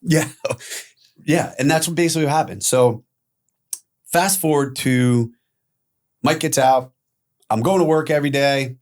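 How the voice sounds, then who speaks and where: A middle-aged man telling his own story as a podcast guest, candid and animated, swearing freely. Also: mid-range voice, measured pace, pauses often.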